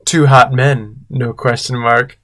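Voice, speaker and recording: A man, a drag queen host, reading fan fiction aloud and breaking off for sarcastic, deadpan commentary. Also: medium pitch, takes it slowly. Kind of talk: comedic read-aloud with commentary.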